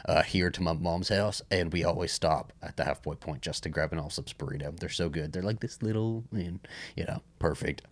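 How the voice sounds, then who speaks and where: A man's voice: low voice, fairly quick, no room sound. A man co-hosting a film podcast, rambling in casual chat with lots of fillers and restarts. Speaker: podcast co-host.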